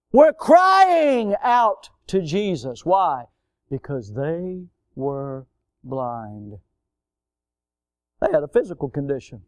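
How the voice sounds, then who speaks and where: A man's voice: sits high, a little mellow, clean tone, no echo, studio quality. An older man preaching a sermon in a folksy, emphatic way, mixing stories with pointed rhetorical questions. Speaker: pastor.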